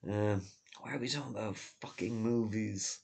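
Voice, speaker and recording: A man's voice: fairly low pitch, moderate pace, creaky, darkish tone, breathy edge. A man delivering a rambling, profane monologue, laughing often as he digresses. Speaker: vlogger.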